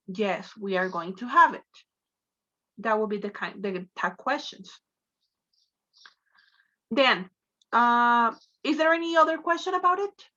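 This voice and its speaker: A Spanish-speaking woman gives an online English lesson, explaining carefully and switching into Spanish now and then. Her voice is high and bright. The audio is dull and lo-fi, like a video call. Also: animated, a little slow, long pauses. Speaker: English teacher. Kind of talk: online class lecture.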